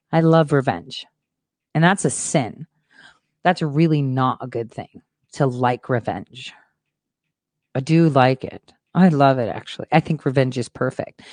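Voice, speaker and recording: A woman host delivering a frustrated ranting monologue, blunt and swearing freely, swinging between hushed mutters and loud boasts. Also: low-pitched, dry recording.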